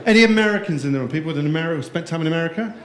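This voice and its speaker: A man's voice: a little high, racing, a bit bright, slight background noise. A man giving a conference keynote, jokey and playful, quizzing the live audience in the room. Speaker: keynote speaker. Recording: echoey room.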